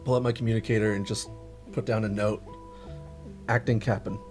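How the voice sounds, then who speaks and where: A man's voice: lowish voice, little pitch movement, fast talker, over music. A man taking part as a player in a sci-fi tabletop game, eager and casual.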